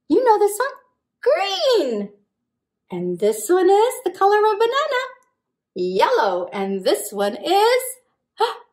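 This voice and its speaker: A woman leading a children's storytime as librarian, reading a picture book and rhymes in an animated, sing-song manner with animal sounds and questions to the kids. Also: high voice.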